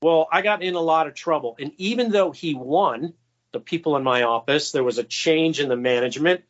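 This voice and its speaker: Storytelling man, slightly high voice. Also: fairly quick, highs cut off. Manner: anecdotal, acts out quoted voices with raised pitch. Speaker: guest, former White House stenographer. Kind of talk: storytelling interview answers.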